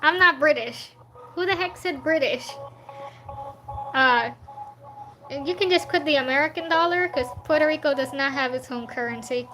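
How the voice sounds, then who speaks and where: A woman's voice: high voice, normal speed, long pauses, sharp tone, a little hiss or hum, low-quality recording. A young woman streaming her artwork, chatting casually with viewers, answering their comments and laughing easily. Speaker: artist streaming a drawing session.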